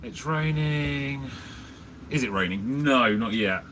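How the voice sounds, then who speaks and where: A man's voice: medium pitch, lively intonation, slow, a bit bright, a little hiss or hum. A man chatting casually on a livestream from inside his food van, answering viewer comments as he works. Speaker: livestream host selling jacket potatoes.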